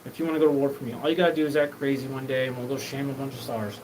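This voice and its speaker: A man's voice: medium pitch, little pitch movement, very fast, a little mellow. A man hosting his own show, talking in a rambling, disjointed, profane live monologue. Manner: disjointed, profane, jumps between topics. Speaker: show host. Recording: noisy background.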